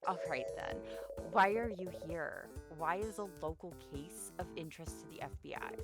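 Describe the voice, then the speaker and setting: A woman voicing a calm, methodical detective, reasoning through a murder case in a measured way. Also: fairly low pitch, over music, lightly acted.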